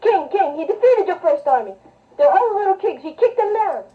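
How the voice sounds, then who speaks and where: A woman's voice: very high-pitched, big pitch swings, moderate pace. A woman voicing a tiny panicked male twig messenger in a storybook joke, pleading breathlessly. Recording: distant, dull lo-fi tape.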